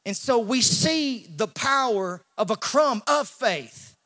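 A male pastor, preaching a sermon in an animated way and acting out the voices in the story. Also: very high voice, slow. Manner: animated, acts out quoted voices, repeats words when he restarts.

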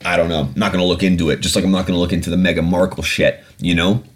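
A man's voice: deep voice, fairly even intonation, rapid-fire. A man hosting a podcast, ranting animatedly and swearing freely in casual talk. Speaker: podcast host.

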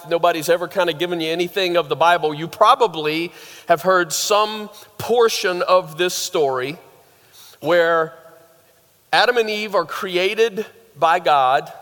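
A man's voice: high voice, fairly bright tone. A man preaching a sermon in a conversational way, asking the audience questions and joking. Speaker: pastor. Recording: long hall reverb.

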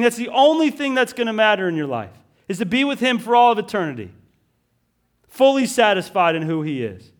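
Preaching in a sing-song, notably high voice, a male pastor hammers on repeated words and drops casual fillers such as "listen" and "right?". His sermon swings from loud, forceful statements to hushed, slower passages.

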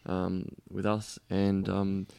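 A man, hosting a podcast in casual chat, telling stories quickly and swearing freely. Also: deep voice, completely flat delivery, creaky, darkish tone, clean tone, dry recording, studio quality. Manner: fast, swearing, storytelling. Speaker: podcast host.

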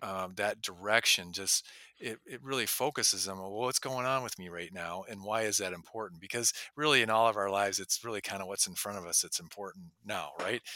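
Bright, chatty male dentist host. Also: on the low side, no room sound. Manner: chatty, acts out patient phone calls, laughs easily. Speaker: dentist hosting a dental talk show. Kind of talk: conversational interview.

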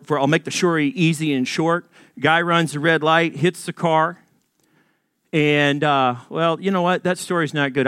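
Animated high-voiced pastor. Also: male voice, dry recording, clean studio sound. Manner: animated, jokey, acts out voices in anecdotes. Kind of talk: storytelling sermon.

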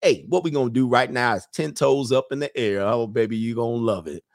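A man's voice: mid-range voice, a little fast, vocal fry, no room sound, studio quality, lightly acted. A man putting on a Southern drawl to play a flirtatious, sweet-talking Southern charmer. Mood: drawling flirt. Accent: put-on American Southern drawl.

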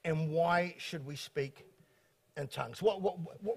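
A high-pitched man leading a church gathering as host pastor. He talks fast and eagerly, tripping over his words and restarting sentences as he goes. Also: gravelly, breathy edge. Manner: fast, excitable, stumbling restarts. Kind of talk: church talk introducing guests.

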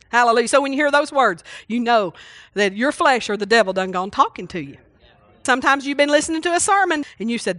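Lady pastor preaching, folksy, acts out voices, kinda high pitched. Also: a little fast, no echo. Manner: folksy and animated, acting out voices. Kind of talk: sermon.

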